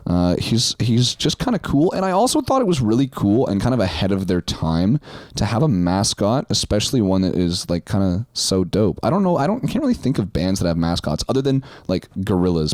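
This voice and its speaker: Young man, co-host, low voice, swooping lively delivery, dry close sound, rambling casual chat. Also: no echo. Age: young adult. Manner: animated, meandering with restarts.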